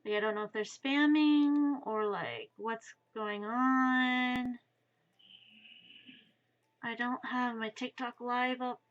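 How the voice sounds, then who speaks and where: Her voice is a little high, and she takes her time, with long pauses between thoughts. She's a young woman streaming from home, casually chatting as she draws, rambling, knocking herself down a bit, and swearing offhand. The sound comes through a dull lo-fi stream mic.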